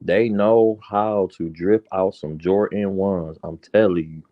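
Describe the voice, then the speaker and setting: A man's voice: sits low, fairly even intonation, a little slow, dull audio. A man joining a podcast as a guest, laid-back and joking. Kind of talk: casual podcast chat.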